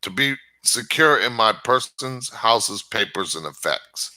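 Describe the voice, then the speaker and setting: A man's voice: lowish voice, lively intonation, unhurried, sharp tone. A man hosting his own channel, giving a rambling casual monologue and often stammering over restarts. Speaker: channel host.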